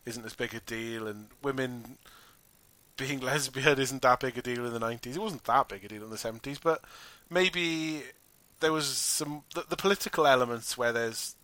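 A man casually discussing a film with a friend in a wry, animated way, swearing now and then. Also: medium pitch, normal speed, no echo. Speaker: podcast co-host.

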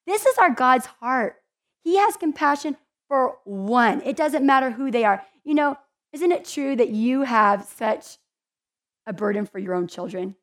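A woman's voice: high-pitched, a little slow. A woman giving a conversational Bible teaching in an earnest, heartfelt way, with chatty asides to her listeners.

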